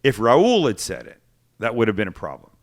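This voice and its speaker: Animated male host telling stories. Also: fairly low pitch, a little fast. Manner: animated storyteller acting out quotes. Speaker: cooking show host. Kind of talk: casual storytelling chat.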